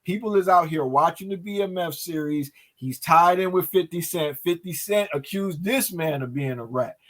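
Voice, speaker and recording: A man's voice: on the high side, normal speed. A man hosting a casual hip-hop news chat, talking loosely with many restarts and fillers. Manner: loose, talkative, hesitant with restarts. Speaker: show host.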